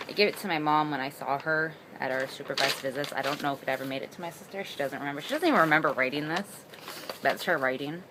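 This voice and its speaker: A young woman with a low, deep-set voice talks candidly to her camera, wandering between thoughts and leaning on "like" as she goes. Steady hiss and background noise sit under the whole recording. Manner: rambling, heavy use of "like". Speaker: vlogger. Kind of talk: personal confessional vlog.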